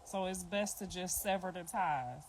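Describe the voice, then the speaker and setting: A woman's voice: fairly low pitch, moderate pace, slight background noise, low-quality recording. A middle-aged woman and grandmother talking bluntly and emphatically to viewers on a livestream, repeating her points. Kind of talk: casual livestream talk to viewers.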